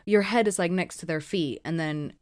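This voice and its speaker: A woman with a fairly low voice chats casually as a podcast co-host, rambling and filling her stories with "like". She laughs often mid-sentence. The sound is close and dry. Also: normal speed, dry recording. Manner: rambling, many "like" fillers. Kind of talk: casual chat.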